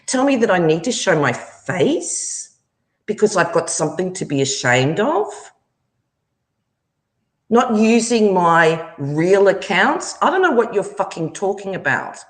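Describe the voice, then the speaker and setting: A woman's voice: mid-range voice, big pitch swings, a little slow, roomy sound. A woman, hosting a livestream and angrily confronting someone, swearing often. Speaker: livestream host. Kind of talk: angry livestream rant.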